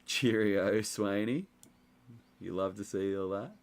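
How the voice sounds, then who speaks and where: A young man with a lowish voice speaks at a slow pace while hosting a casual livestream. He reads the chat and rambles in a relaxed way, his talk full of fillers.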